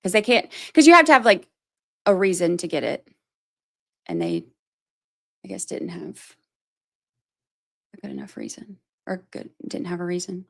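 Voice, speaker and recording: Her voice lowish, gravelly and fairly bright, this livestream host is very animated at a normal pace but drops into long pauses. Casually discussing a trial and reading out the chat, she rambles, reasons aloud, jokes at her own expense and leans on "like" and "you know."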